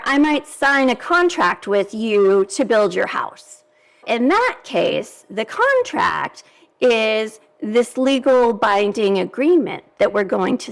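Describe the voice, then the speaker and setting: A woman reading teacher speaks slowly and patiently in a somewhat high voice with a gravelly, creaky edge. She explains lessons for parents and sounds out letters and syllables aloud to show each step.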